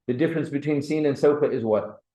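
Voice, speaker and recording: A man's voice: on the high side, quick pace, mellow, reverberant, low-quality recording. A man teaching a classroom grammar lesson, who keeps checking that his students follow. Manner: patient, checks understanding with "right?" and "clear?". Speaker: Arabic teacher.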